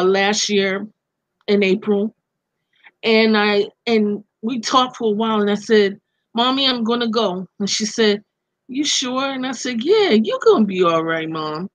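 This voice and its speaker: Slow-talking woman with a Brooklyn accent. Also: mid-range voice, no room sound. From Brooklyn, USA. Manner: slow, heartfelt, reflective talk. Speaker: guest. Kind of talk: casual chat.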